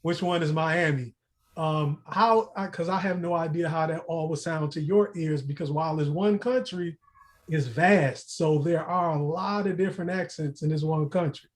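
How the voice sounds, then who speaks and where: A man from the United States asking the panel a long question in an earnest, deliberate way. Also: on the high side.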